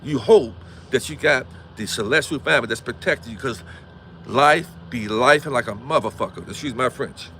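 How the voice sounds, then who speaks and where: A man's voice: mid-range voice, moderate pace, fairly bright tone, slight background noise. A man from Gary, Indiana, hosting a livestream, preaching with repeated rhetorical questions and swearing. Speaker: livestream host. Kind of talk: impassioned livestream monologue.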